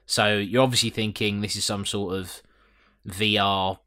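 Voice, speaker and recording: Bright, sweary, laughing male host. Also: lowish voice, level tone, a little slow. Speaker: podcast host. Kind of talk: casual chat recapping a TV episode.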